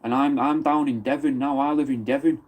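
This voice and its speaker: A man's voice: medium pitch, fairly even intonation, a little fast, a little mellow. A man from Manchester with a Mancunian accent, chatting casually on a live stream, answering viewers' comments and swearing freely. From Wythenshawe, Manchester. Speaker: livestream host.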